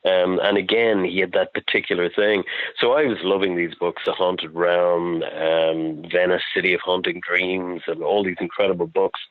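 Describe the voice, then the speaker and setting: A man's voice: low-pitched, flat delivery, normal speed, hardly any pauses, no echo. An Irish man, a film-maker guest in an interview, telling long, enthusiastic anecdotes. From Ireland. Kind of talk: interview storytelling. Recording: dry tinny phone line.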